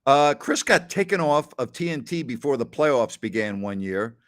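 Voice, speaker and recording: A man's voice: mid-range voice, big pitch swings, normal speed. Chatty man hosting a Q&A. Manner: chatty, tells anecdotes with quoted dialogue, often says "absolutely". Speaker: host answering listener questions. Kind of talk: casual Q&A storytelling.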